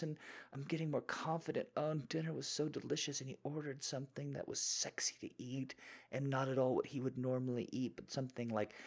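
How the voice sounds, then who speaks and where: A man's voice: mid-range voice, breathy edge, pitched above the performer's own voice. A man playing a giddy young woman on a dream date, in a whispered role-play with breathless gasps.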